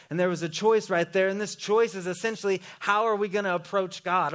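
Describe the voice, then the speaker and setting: Guy with a high voice giving a chatty sermon, cracks little jokes. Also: a bit bright. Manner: conversational, joking asides. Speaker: pastor.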